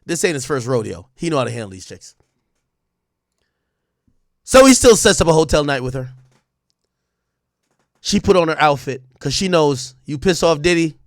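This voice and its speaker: A male live streamer talking to his chat in animated, profane street slang, laughing often. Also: on the high side, moderate pace, pauses often, dry recording, clean studio sound. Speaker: streamer host.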